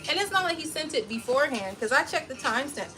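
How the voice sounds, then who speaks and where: A livestream host in her thirties vents to her viewers, casual and blunt, animated and swearing a lot. Her voice is high-pitched and fast, set against a noisy background.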